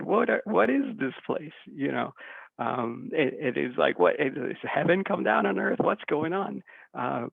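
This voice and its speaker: A man giving a talk, telling a story in an animated way and acting out the people he quotes. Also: medium pitch, creaky, no room sound. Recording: tinny phone-like sound, dry.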